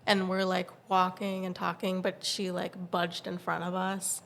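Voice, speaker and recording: A woman in her thirties tells a story in a casual podcast chat, her voice carrying a gravelly fry. She gets animated as she goes and acts out the lines of the people she met. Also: on the low side, measured pace. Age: 30s. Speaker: podcast co-host.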